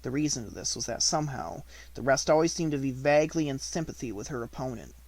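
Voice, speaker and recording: A man's voice: medium pitch, animated, fast, vocal fry, a little mellow, no echo. Man reading an audiobook, dry sound. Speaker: audiobook narrator.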